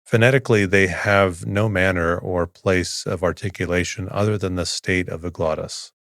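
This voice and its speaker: Deep-voiced man reading slowly. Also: fairly even intonation, fairly bright tone, dry recording, clean studio sound. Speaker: sleep podcast host. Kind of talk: slow monotone sleep-story reading.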